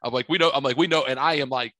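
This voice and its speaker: A man in his forties tells stories on a podcast with a bright, forceful voice. He swears freely and acts out everyone he quotes. The sound is dry and close. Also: medium pitch, racing, no echo. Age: 40s. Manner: profane, animated storyteller acting out quotes. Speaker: podcast co-host. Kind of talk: casual storytelling chat.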